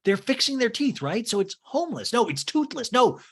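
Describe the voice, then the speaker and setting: A man's voice: very high voice, very animated, fairly quick, pitched above the performer's own voice, heavily acted. A man imitating a flustered woman who fumbles and corrects herself in a podcast recap. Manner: fumbling and exasperated.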